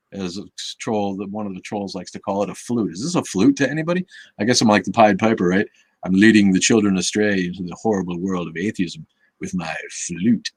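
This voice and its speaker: Male live-stream host, somewhat low voice, rambling casual delivery with swearing, dry close sound. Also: husky, dry recording. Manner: rambling, profane, many restarts and fillers; reads chat comments aloud and reacts.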